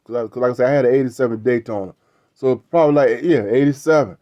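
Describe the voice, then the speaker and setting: A man's voice: medium pitch, fast, dark tone, no echo. A middle-aged man hosting a show, telling a casual story in a rambling way, repeating words and tagging lines with "right?". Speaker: show host.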